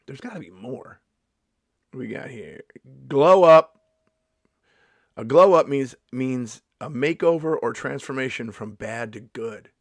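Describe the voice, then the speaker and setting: A man's voice: mid-range voice, gravelly, dry recording, clean studio sound. Sarcastic Gen X man in his fifties. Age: 50s. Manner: sarcastic, mock-indignant, swears freely. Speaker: comedian. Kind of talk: comedic vlog monologue.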